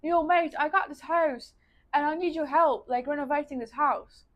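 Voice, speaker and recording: A woman voicing an excitable young Australian man in a quoted story, high and loud. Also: normal speed, dull audio, lightly acted. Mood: eager.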